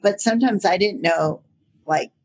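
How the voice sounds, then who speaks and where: A woman's voice: medium pitch, normal speed, a little mellow. An older woman voice actor chatting as an interview guest, laughing often and using many fillers. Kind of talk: casual interview chat.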